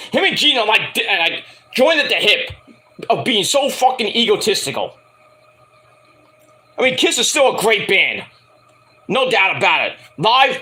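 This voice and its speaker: A man's voice: high-pitched, bright, forceful tone. A man reviewing a wrestling show for his viewers, rambling and profane, with jokey asides. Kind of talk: casual rant to viewers.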